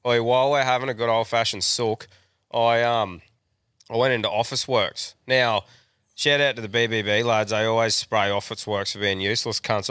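A man's voice: lowish voice, fairly bright tone, smooth, no echo, clean studio sound. A young Australian man co-hosting a podcast, telling a crude, sweary rant in casual chat. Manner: crude, swearing, ranting storyteller. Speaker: podcast co-host.

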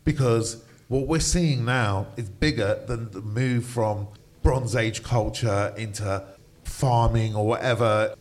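A man's voice: on the low side, slow, a little mellow. A middle-aged man, a broadcaster and DJ, speaking passionately in a conversational interview, acting out other people's voices when he quotes them. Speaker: radio DJ and broadcaster, interview guest.

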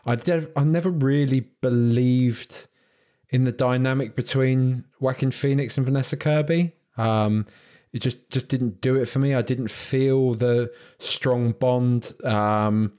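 A man talks films on a podcast in a relaxed, chatty way. His pitch sits in the middle, and he trips over his words, repeating himself and restarting his thoughts. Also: measured pace, smooth. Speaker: podcast co-host. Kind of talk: casual film review chat.

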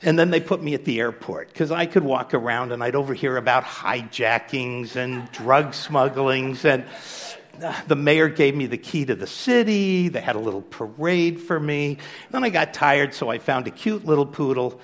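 A man's voice: medium pitch, moderate pace, natural voice. A man voicing a boastful talking dog in a spoken joke, recounting his exploits matter-of-factly. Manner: matter-of-fact bragging.

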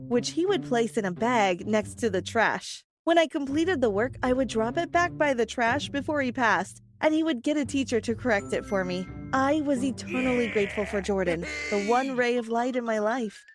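A woman narrating a first-person story in an earnest, plain storytelling manner. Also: on the high side.

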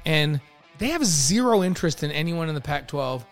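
Chatty man with a higher voice. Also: sing-song, normal speed, vocal fry, soft background music. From New York. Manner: repeats words, many restarts. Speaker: podcast co-host. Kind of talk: casual sports chat.

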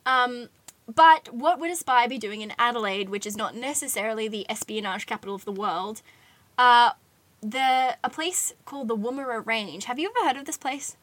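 Bright-voiced woman telling a true-crime story. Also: on the high side, normal speed, no echo. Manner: chatty storyteller, many "like"s, giggly asides. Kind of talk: casual chat.

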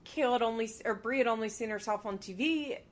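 Animated swearing woman podcast co-host. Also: a little high, quick pace. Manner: animated, swears freely, acts out quotes. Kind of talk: casual reality-TV recap chat.

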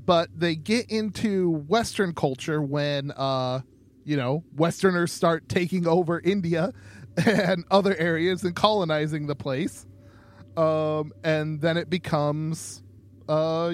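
Slow, halting podcast man. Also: on the high side. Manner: halting, with many ums and restarts. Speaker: podcast co-host. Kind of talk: casual podcast chat.

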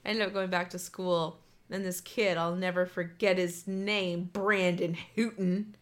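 A woman's voice: lowish voice, little pitch movement, a little slow. A woman telling a story in a casual chat, candid and laughing as she talks, swearing freely.

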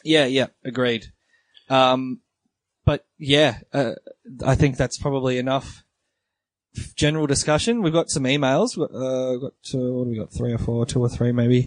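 A man's voice: mid-range voice, moderate pace, no echo. Man, dry close podcast mic. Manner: hesitant, many fillers and restarts. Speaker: podcast co-host. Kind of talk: casual podcast chat.

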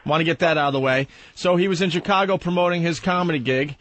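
A man's voice: a little high, fast, a bit bright. A man hosting a radio show, setting up a story in loose, casual chat. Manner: loose, conversational setup with fillers.

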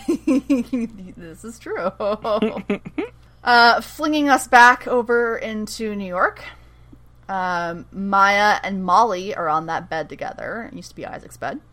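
In a casual chat, a woman co-hosting a podcast recaps a show with lively retellings and quoted lines, laughing frequently. Her voice is bright and forceful yet mid-range, and her pace is slow.

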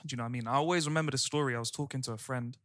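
A man co-hosting a casual podcast chat, an animated storyteller who swears freely. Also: mid-range voice, rapid-fire. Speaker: podcast co-host.

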